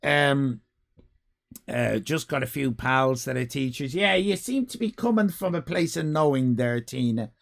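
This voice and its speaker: A man's voice: unhurried, creaky. An Irish man live-streaming, reading out chat and ranting comically, swearing freely. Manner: animated comic ranting, swears freely, big pitch jumps.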